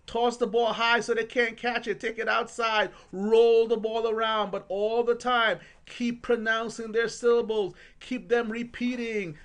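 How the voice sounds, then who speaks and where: A woman, a reading coach giving a parent tips lesson, upbeat and sounding out syllables with exaggerated emphasis. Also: mid-range voice.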